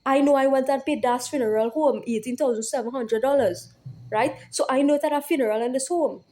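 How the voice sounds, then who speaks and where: A woman's voice: high voice, fairly quick, mellow. A woman delivering an angry venting monologue, repetitive and emphatic with profanity, who keeps asking "right?".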